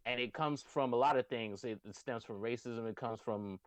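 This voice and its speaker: A man's voice: mid-range voice, normal speed, a little hiss or hum. A man in a casual group discussion, explaining animatedly and restarting words as he builds his point. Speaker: podcast co-host.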